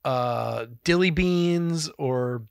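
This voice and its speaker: A man's voice: on the high side, extremely slow, vocal fry, clear, resonant tone, no room sound, clean studio sound. Loose, profane man hosting. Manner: loose and profane, rambling asides. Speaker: podcast co-host. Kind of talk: casual chat.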